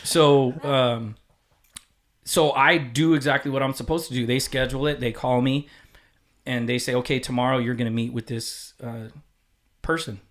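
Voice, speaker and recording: Podcast guest, male, mid-pitched voice, candid and profane, acts out the voices of people in his story. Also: steady tone, moderate pace. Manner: candid and profane, acting out quoted dialogue. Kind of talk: casual storytelling chat.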